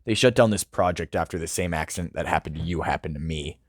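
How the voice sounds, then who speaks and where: A man voicing a gruff male wolf-like robot who speaks in a sad, subdued way. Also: deep voice, fast talker, no echo, studio quality.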